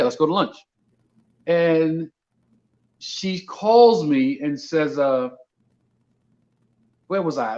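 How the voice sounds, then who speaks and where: Lo-fi sound carries a slightly high male voice: a Brooklyn, New York comedian guest casually narrating a story with animation and playing out each line of dialogue.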